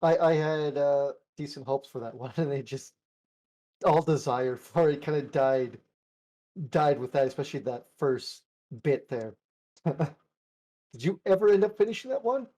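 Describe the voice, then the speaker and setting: Man, podcast co-host, casual chat, rambling, laughs a lot, mellow tone, slightly high voice. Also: animated, unhurried, poor audio.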